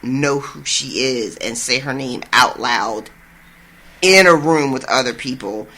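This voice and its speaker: A podcast co-host chatting casually about a book chapter, excited and swearing freely. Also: medium pitch, unhurried. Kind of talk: casual chat recapping a book.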